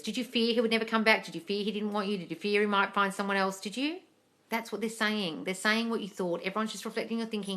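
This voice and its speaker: A bright, forceful woman talks straight into her phone on a live stream, reading out viewers' comments and answering them herself. She is blunt and sweary, scolds people freely, and calls everyone darling. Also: mid-range voice. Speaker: manifesting coach answering live chat questions.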